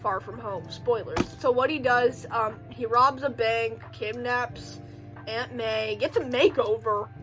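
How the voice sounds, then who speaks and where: Woman, high voice, bright tone, casual film recap, rambling, filler-heavy, joking asides. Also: fairly even intonation, slow pace, soft background music, poor audio. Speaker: video creator recapping a film.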